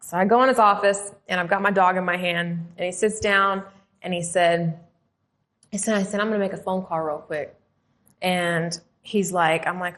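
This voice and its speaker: A middle-aged woman, a former prisoner telling her story as an interview guest in a lively conversational way. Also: lowish voice, moderate pace. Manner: animated, acts out quoted voices.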